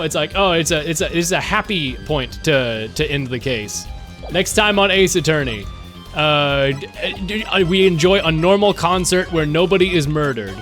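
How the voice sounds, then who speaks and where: A man streaming a game live, chatting casually with his viewers, excitable and swearing freely. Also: fairly high pitch. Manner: excitable, swears, talks to chat.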